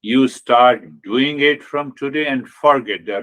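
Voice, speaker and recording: A man giving a spiritual talk on meditation as a teacher, explaining in an unhurried way and repeating key phrases. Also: mid-range voice, fairly bright tone.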